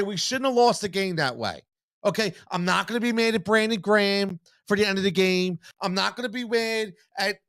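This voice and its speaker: A man's voice: sits high, a bit bright, no echo. A man hosting a live postgame sports reaction stream, fired-up and blunt, swearing freely and repeating his points. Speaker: sports talk host.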